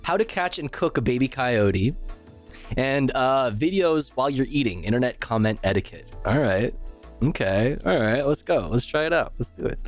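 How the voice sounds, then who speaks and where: Give me a male streamer reacting to clips, casual and animated, lots of pitch swing. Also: normal speed, faint music behind. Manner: animated, swearing, thanking viewers. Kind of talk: casual live-stream chat.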